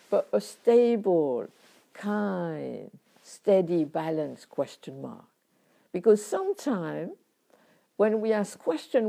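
A middle-aged woman teaching meditation, reflective and unhurried, speaking in short phrases with frequent pauses. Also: mid-range voice, gravelly, warm tone.

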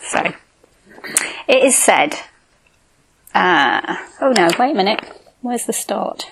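A woman meditation teacher giving a relaxed dharma talk, moving between reading a Buddhist fable and plain-spoken reflections. Her voice sits at a middle pitch and her delivery is informal, with small chuckling asides. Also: slow, vocal fry, background noise.

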